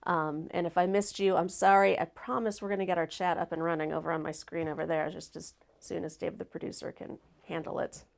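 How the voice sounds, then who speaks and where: A woman hosting a casual live stream, loud, laughing often and swearing freely. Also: on the low side, flat delivery, brisk, gravelly. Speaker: host.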